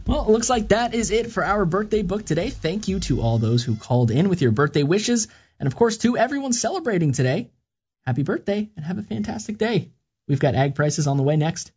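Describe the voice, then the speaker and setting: Upbeat lively radio host, man. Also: sits high, brisk, husky. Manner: upbeat, chatty, enthusiastic. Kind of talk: live morning radio call-in. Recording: muffled lo-fi broadcast with faint music.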